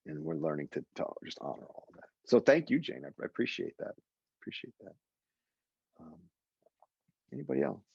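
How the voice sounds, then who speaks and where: A man leading a guided meditation session, talking in an animated, emotional way. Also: brisk, gravelly, long pauses, husky, no echo, muffled recording. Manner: animated and emotional, with sudden high exclaimed quotes. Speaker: meditation teacher.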